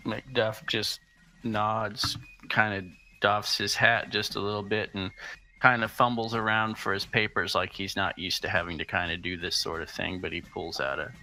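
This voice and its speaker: A man's voice: lowish voice, little pitch movement, normal speed, pushed and bright, poor audio. A man playing a tabletop game, narrating his character's actions in an easygoing, hesitant way. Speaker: player.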